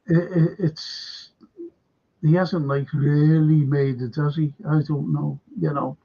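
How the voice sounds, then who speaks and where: An older man hosting a casual chat, talking haltingly with many fillers and restarts. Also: on the high side, fairly even intonation, vocal fry, husky. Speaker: host. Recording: dull lo-fi sound.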